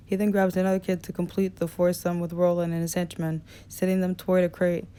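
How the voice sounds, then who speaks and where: A woman narrating an audiobook in a relaxed reading style, with small slips and restarts. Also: on the low side, a little fast, smooth. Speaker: audiobook reader.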